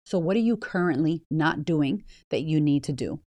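Woman, podcast host, fairly low voice, blunt, swears, rhetorical questions, dry sound. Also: animated, moderate pace, darkish tone, dry recording. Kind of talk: motivational podcast talk.

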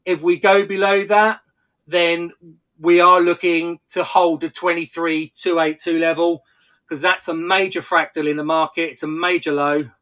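Bright, tense-toned male market analyst. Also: a little high, flat delivery. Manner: measured, explanatory, occasional stumbles and restarts. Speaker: technical analyst.

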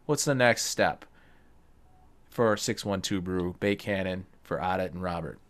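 A man's voice: deep voice, measured pace. A man hosting a casual podcast interview, chatty and jokey, often laughing as he talks. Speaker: podcast host.

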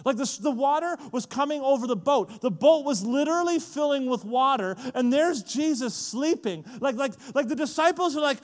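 High-voiced, lively young-sounding preacher. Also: male voice, normal speed, hardly any pauses, long reverb tail. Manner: lively, casual, frequent "like" fillers. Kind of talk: sermon. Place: large conference hall.

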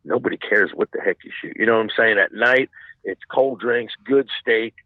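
A man's voice: fairly low pitch, normal speed, no echo, narrow, tinny audio. A man chatting casually as a podcast guest, talking in rambling stretches full of restarts and asides. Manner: rambling, many restarts and "you know what I'm saying". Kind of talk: casual chat.

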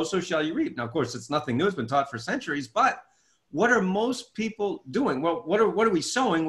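Middle-aged male author-coach, animated storyteller, interview guest. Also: high-pitched. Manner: animated storytelling, acts out his own past dialogue. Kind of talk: interview conversation.

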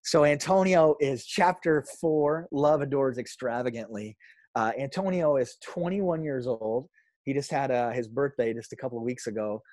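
A man in his thirties, a pastor, talking through stories in a relaxed interview. He jumps into voices when he quotes people and laughs easily as he goes. His voice sits mid-range and sounds close and dry, with no room around it. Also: medium pitch, normal speed, dry recording. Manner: animated storyteller, acts out quotes, laughs often. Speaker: pastor and author, podcast guest. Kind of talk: casual storytelling interview.

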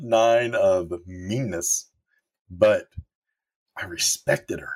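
Middle-aged man, low husky voice, candid storyteller giving a motivational leadership talk. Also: expressive, very slow, pauses often, a little mellow. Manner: candid and storytelling, with occasional swearing. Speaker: former manager sharing leadership lessons.

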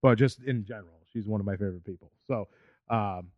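A man's voice: on the low side, quick pace, no room sound, muffled recording. A man, a comedian, telling stories in casual podcast chat, swearing and acting out quotes. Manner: swearing, animated storytelling with acted quotes. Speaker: guest comedian.

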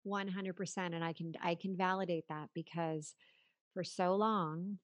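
A woman hosting a podcast interview, chatting casually, encouraging her guest with quick laughs and short affirmations. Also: on the low side, fairly even intonation, no room sound, lo-fi sound. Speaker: podcast host.

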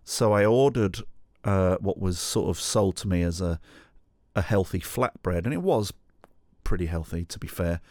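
A man's voice: low voice, expressive, normal speed, a little mellow, no room sound, clean studio sound. A middle-aged man hosting a solo podcast, telling a rambling, sweary, self-mocking story. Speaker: podcast host.

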